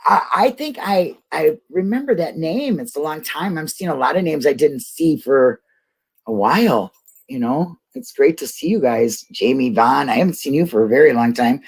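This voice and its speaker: A woman's voice: sits low, expressive, moderate pace, slightly rough. A woman hosting a casual livestream, rambling and laughing as she talks to her viewers. She gets emotional easily. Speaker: YouTube livestream host.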